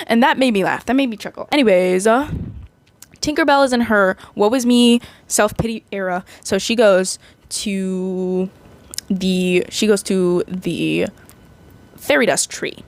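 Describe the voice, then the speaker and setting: A woman's voice: mid-range voice, a little slow, no echo. Chatty young woman, dry close sound. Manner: rambling, chatty, lots of fillers. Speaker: vlogger. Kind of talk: casual movie recap.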